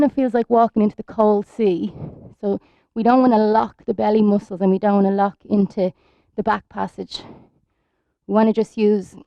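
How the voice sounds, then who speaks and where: An Irish woman teaching yoga, chatty and soothing as she guides each pose. Her voice has a gravelly edge at a middling pitch. It sounds dull and lo-fi, with no room echo at all. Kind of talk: guided yoga class instruction. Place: outdoors in a park.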